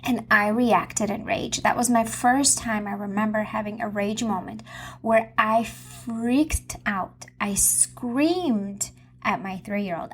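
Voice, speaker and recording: A woman in her thirties talks on her own podcast from home, open and confessional, and she repeats her points for emphasis. Her voice sits a little high and has a soft husky edge. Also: slow pace. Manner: earnest and confessional, with emphatic repetition. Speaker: podcast host and Christian mom coach. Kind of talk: personal podcast monologue.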